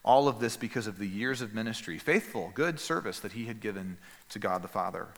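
A man preaching a sermon as pastor, earnest and emphatic, with dramatic pauses and quiet drops. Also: fairly low pitch, animated, long reverb tail.

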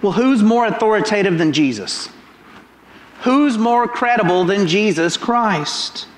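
A middle-aged man preaching a sermon in a church, animated and full of rhetorical questions. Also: sits high, measured pace. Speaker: pastor. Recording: roomy echoing hall.

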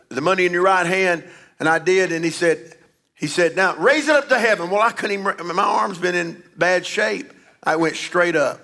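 Bright, high-voiced pastor preaching. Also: male voice. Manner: emphatic preaching with sudden drops to a low confiding voice. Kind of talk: sermon.

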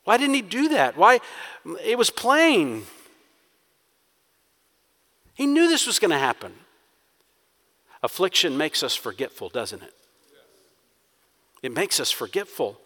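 A man's voice: high-pitched, sing-song, slow, pauses often, sharp tone, long reverb tail. A man preaching a sermon, acting out quoted prayers with rising intensity. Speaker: pastor.

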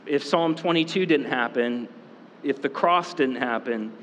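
Conversational pastor preaching in a hall. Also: male voice, medium pitch, fairly bright tone, a little hiss or hum. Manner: conversational, fillers, quick asides. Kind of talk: sermon. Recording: long reverb in a hall.

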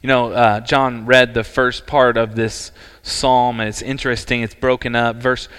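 A man preaching a sermon as pastor, earnest and emphatic, with dramatic pauses. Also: mid-range voice, flat delivery, fairly bright tone, smooth. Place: church sanctuary. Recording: church hall reverb.

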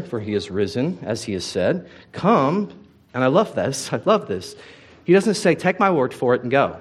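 Lively, animated male pastor preaching. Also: mid-range voice. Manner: animated, conversational preaching with asides to the congregation. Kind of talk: sermon.

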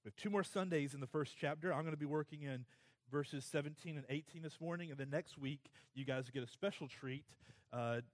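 Weary, halting pastor, a man preaching. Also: fairly high pitch, big-room sound. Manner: halting, filler-heavy, emotional. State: tired, close to tears. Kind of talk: conversational sermon. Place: church sanctuary.

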